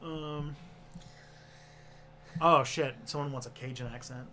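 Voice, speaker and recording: Man, livestream host, rambling casual chat, slightly high voice, faint background hiss. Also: steady tone, slow pace, pushed and bright. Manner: rambling, full of fillers and self-corrections.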